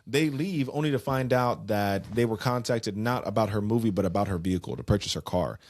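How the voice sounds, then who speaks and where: A man co-hosting a podcast, casually recapping a musical's plot in an animated, slangy way. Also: on the low side, fairly quick, dry recording, clean studio sound. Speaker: podcast co-host.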